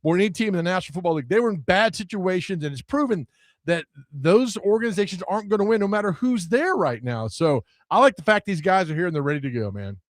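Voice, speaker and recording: Animated high-voiced male radio co-host. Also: quick pace, no room sound, studio quality. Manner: animated, jokey, breaks into mock voices. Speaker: radio sports talk co-host. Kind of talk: casual sports radio banter. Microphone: studio microphone.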